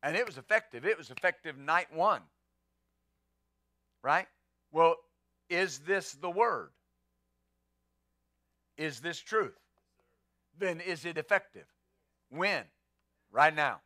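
A man preaches a sermon in a notably high and bright voice, pressing each point with rhetorical questions. The sound is close and dry, with no room around it. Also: animated, takes it slowly, pauses often, no echo. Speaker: pastor.

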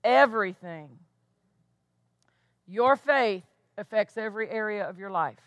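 A woman's voice: mid-range voice, expressive, measured pace, no room sound. A woman pastor preaching a sermon with emphatic delivery, tossing questions back to the congregation. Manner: emphatic preaching with call-and-response asides.

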